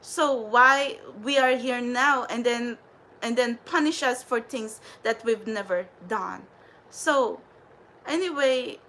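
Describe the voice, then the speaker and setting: A woman's voice: fairly high pitch, fairly bright tone, slight background noise, low-quality recording. A woman hosting a spiritual livestream, ranting in a profane, defiant and rambling way.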